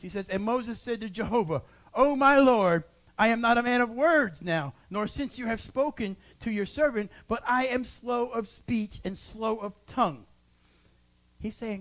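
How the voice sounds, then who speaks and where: A man who is a church pastor, preaching a sermon and building to shouted exhortations. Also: high voice, animated, moderate pace.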